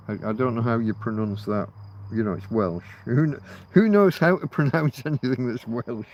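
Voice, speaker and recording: A middle-aged man rambles through an unstructured livestream, thinking out loud and dropping the odd curse. His pitch sits in the middle of the male range. He is outdoors at night. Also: lively intonation, normal speed, dull audio. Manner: rambling, muses aloud and swears casually. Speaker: livestream host. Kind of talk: rambling casual livestream chat.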